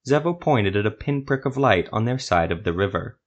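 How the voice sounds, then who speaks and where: Male storyteller, lowish voice, steady measured fantasy narration.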